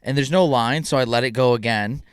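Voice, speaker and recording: Young man, podcast co-host, animated comic storyteller, smooth voice, dry close sound. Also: mid-range voice, a little fast, no echo. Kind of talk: casual chat, storytelling.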